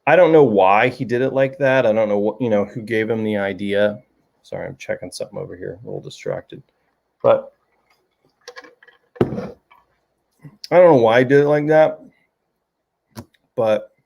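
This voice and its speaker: A man's voice: on the low side, a little mellow. A middle-aged man hosting a casual chat show, telling a rambling story with many restarts. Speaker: show host. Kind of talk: casual chat to a live audience.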